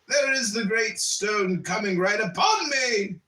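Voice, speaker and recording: Brief: a man doing a panicked dreaming man who shouts high and strained, heard through a roomy, distant mic. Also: animated, a little slow, heavily acted. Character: terrified man trapped in a nightmare.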